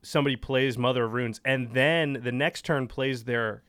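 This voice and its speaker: A man's voice: mid-range voice, fairly even intonation, normal speed, a bit bright, dry recording. A man co-hosting a casual card-game podcast, walking through card rules in detail. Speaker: co-host.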